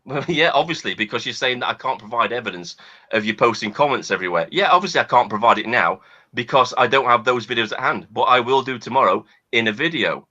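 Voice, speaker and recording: A man's voice: mid-range voice, animated, fast talker, sharp tone, lo-fi sound. A man angrily arguing on a video call, swearing and talking over the other person. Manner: angry, swearing, interrupting. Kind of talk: heated online argument.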